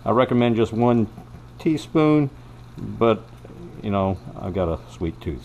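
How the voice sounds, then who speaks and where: A man's voice: mid-range voice, expressive, moderate pace, very noisy. A man giving a cooking demonstration in a home kitchen and telling a tale as he goes, in a folksy, rambling way that is full of self-corrections. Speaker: home cook.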